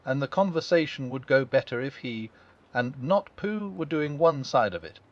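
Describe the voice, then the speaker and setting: A man narrating a children's classic as a calm bedtime audiobook, gentle and expressive. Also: mid-range voice, moderate pace. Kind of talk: calm bedtime storybook reading. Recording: dull lo-fi.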